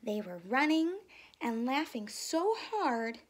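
A woman teacher reading a storybook aloud to first graders in an expressive, sing-song way. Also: fairly high pitch, unhurried. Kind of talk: children's storybook read-aloud.

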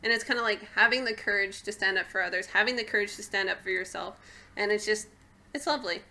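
A young Canadian woman co-hosts a podcast, chatting casually in a medium-pitched, fast, pushed and bright voice. She's hiccuping, laughs often and lets sentences trail off.

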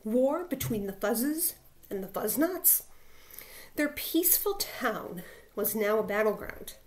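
A woman teacher reading a children's picture book aloud with playful, expressive emphasis. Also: fairly high pitch, slow.

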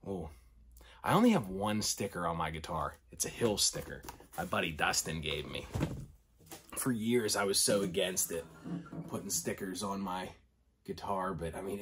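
A middle-aged man talking casually through an unboxing, excitable and often dropping to delighted whispers and gasps. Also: low voice, husky. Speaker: collector vlogger.

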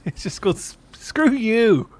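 A man's voice: sits high, sing-song, unhurried. A British man chatting and joking while streaming a game. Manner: jokey, laughing. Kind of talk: casual gaming banter.

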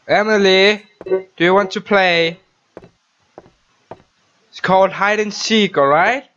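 High-voiced, jumpy gaming man. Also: takes it slowly, long pauses, fairly bright tone, highs cut off, slight background noise. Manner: jumpy, swearing, talking to the game character. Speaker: gaming channel host. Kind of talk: horror let's-play commentary.

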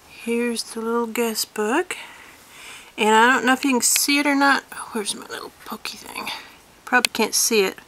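A woman's voice: a little high, a bit bright. Chatty woman in a cluttered home room. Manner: chatty, apologetic asides. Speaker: crafter showing a handmade miniature. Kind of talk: casual show-and-tell vlog. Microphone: handheld digital camera.

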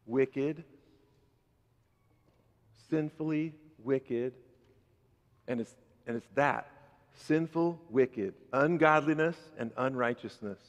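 A male pastor preaching a sermon, moving between calm teaching and loud emphatic bursts. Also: medium pitch. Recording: reverberant church hall.

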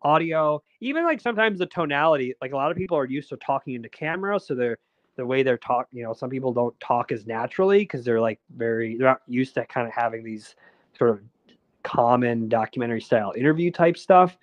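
A man's voice: mid-range voice, animated, brisk, dry recording, dull audio. A man, a documentary filmmaker, chatting casually as a guest and rambling with lots of fillers and restarts. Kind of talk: casual interview chat.

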